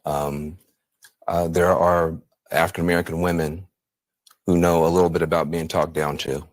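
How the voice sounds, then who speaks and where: A man giving solemn, heartfelt commentary on a television broadcast, speaking in an earnest, measured way. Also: sits low, flat delivery, no room sound. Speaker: TV political commentator.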